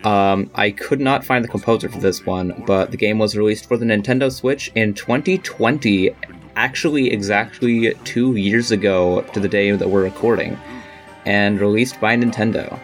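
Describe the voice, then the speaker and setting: A man's voice: fairly low pitch, moderate pace, soft background music. A man co-hosting a podcast in casual chat, eager and rambling with many fillers. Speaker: podcast co-host.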